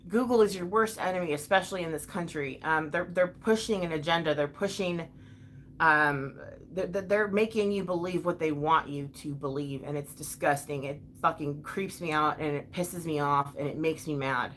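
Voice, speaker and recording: This woman, a livestream vlogger reading her chat, rants heatedly and with plenty of profanity, answering her viewers directly. Her talk is full of fillers and restarts, in a deep voice at normal speed. There's a little background noise.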